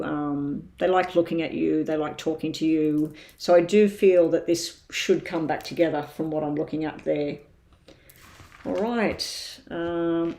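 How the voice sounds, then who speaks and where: A woman's voice: lowish voice, a little mellow. A woman in her fifties with an Irish accent tinged British, chatting in a rambling way with many ums as she gives tarot readings on a live stream. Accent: Irish with a slight British tinge. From Ireland. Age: 50s. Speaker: tarot reader.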